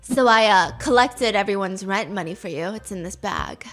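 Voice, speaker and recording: A woman voicing a strange, deadpan young male actor who talks low and unbothered. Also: moderate pace, faint music behind, close to an everyday voice.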